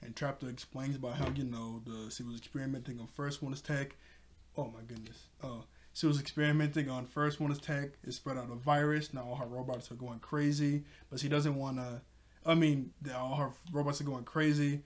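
A man's voice: mid-range voice, steady tone, brisk. A man recapping a cartoon episode in a loose, rambling way, full of fillers like "like" and "you know", often chuckling. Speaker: TV show reviewer.

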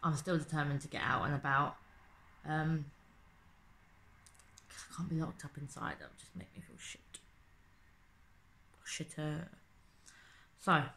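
A woman's voice: deep voice, vocal fry. A woman, chatting casually and swearing often in a home video diary, asking rhetorical questions. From England. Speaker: vlogger. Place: home in the city.

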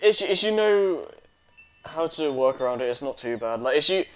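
A man's voice: fairly high pitch, expressive, normal speed, smooth. A young man hosting a let's play, chatting casually with lots of fillers and restarts. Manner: rambling, many fillers and restarts. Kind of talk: casual gameplay commentary. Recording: faint game music behind.

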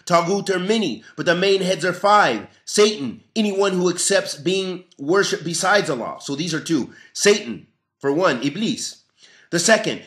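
A man's voice: a little high, fairly bright tone. Emphatic male lecturer, echoey room. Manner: earnest, emphatic, reads and explains text. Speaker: Islamic lecturer. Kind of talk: religious lesson.

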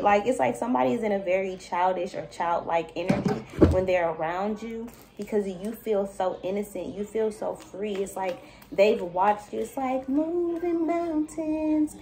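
Warm and gravelly, this woman's medium-pitched voice moves at a normal pace as she offers a casual intuitive reading to viewers. She's a spiritual reader who addresses the listener directly as baby, chatting with lots of loose filler. A little hiss or hum is audible.

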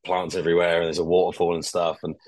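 A man with a fairly low voice co-hosting a podcast, recorded with a dry, close sound. He tells a story in a rambling, laid-back way, swearing casually. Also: little pitch movement, fast, darkish tone, no room sound. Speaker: podcast co-host.

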